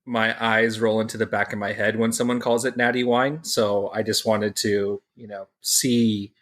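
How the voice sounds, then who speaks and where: A man co-hosting a podcast who asks questions in a casual, unhurried way with halting restarts. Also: on the low side, flat delivery, fairly bright tone. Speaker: podcast co-host. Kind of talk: casual chat.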